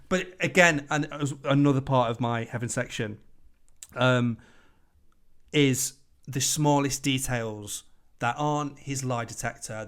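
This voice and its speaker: A man's voice: mid-range voice, smooth. Sweary, rambling British man. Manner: sweary, rambling, animated quoting. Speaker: podcast co-host. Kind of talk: casual chat.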